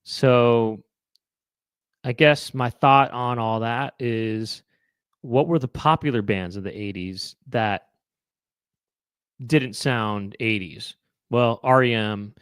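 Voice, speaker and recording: A man's voice: mid-range voice, slow pace, long pauses, fairly bright tone, clear, resonant tone, dry recording, clean studio sound. A man hosting a live online chat show, musing aloud to viewers in a rambling way, with many fillers and restarts. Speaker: host.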